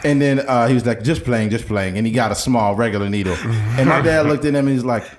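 A man hosting a casual podcast chat, telling stories in a relaxed, swearing way. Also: mid-range voice, fast, slight background noise. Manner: relaxed, profane storytelling. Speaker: podcast host.

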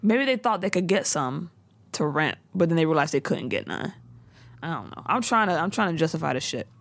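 A woman, co-hosting a casual chat and telling the story in a slangy, animated way with frequent laughs. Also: sits low, a little fast. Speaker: podcast co-host recapping a TV show.

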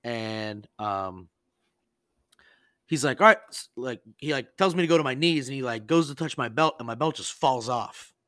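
A man hosting a podcast, telling stories in a casual, animated and profane way and acting out the people he quotes. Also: medium pitch, moderate pace, no room sound. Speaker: podcast host. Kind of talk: casual storytelling chat.

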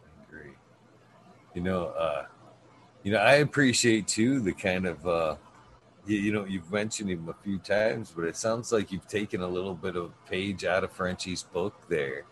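A man in relaxed conversation, earnest and full of fillers. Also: low-pitched, moderate pace, slight background noise. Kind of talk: casual conversation.

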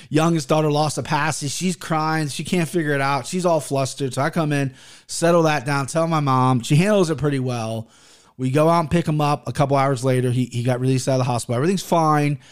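A middle-aged man hosting his own podcast, talking casually in a rambling way, swearing often and restarting his sentences. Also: medium pitch. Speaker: podcast host. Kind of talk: casual monologue.

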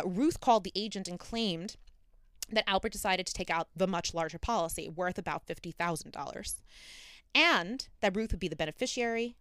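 Brief: young woman podcast host, smooth clear voice, casual true-crime narration, dry close mic. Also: mid-range voice, fairly bright tone, no room sound. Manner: chatty storytelling with frequent fillers.

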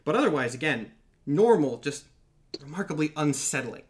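Male DM, slightly high voice, casual hedging narration, quick to laugh. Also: expressive, slight background noise. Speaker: dungeon master. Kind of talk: narrating a tabletop game.

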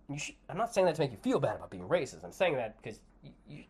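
A man rants alone into his podcast microphone, sarcastic and swearing freely. His pitch swings widely as he jokes and argues. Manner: sarcastic, profane, animated. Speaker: podcast host. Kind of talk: solo opinion rant.

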